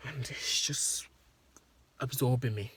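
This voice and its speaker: A man's voice: medium pitch, takes it slowly, a bit bright, husky, whispered. A man telling an emotional story in a rambling, profane monologue that repeats itself. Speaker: vlogger.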